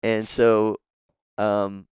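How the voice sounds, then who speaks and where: A man telling stories as a podcast guest in a relaxed, profane, casual way, laughing often, on a studio mic. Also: lowish voice, drawn-out words, clear, resonant tone, dry recording. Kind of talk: casual storytelling.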